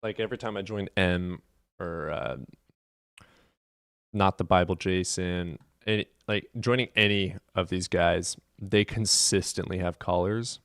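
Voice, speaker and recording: A man's voice: low voice, fairly even intonation, a little slow, a bit bright, clean tone, no room sound, clean studio sound. A man hosting a live stream from his desk at home, chatting casually and telling rambling, profane stories.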